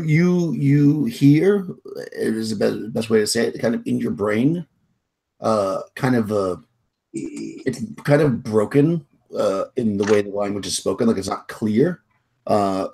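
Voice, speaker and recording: A man runs a tabletop game in a husky, slightly low voice. He narrates in halting bursts, hedging and restarting his sentences. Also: dark tone. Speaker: game master.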